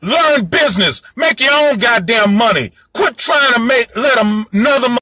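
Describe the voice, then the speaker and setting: A man's voice: very high-pitched, lively intonation, normal speed, pushed and bright. A man giving a heated solo monologue to his audience, ranting in a fiery, profane, preachy way. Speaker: host lecturing his audience.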